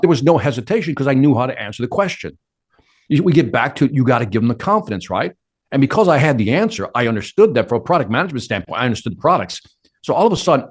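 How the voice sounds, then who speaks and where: A man's voice: mid-range voice, breathy edge. A middle-aged man answering interview questions with energy, acting out quotes and his own inner talk. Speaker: sales speaker and interview guest.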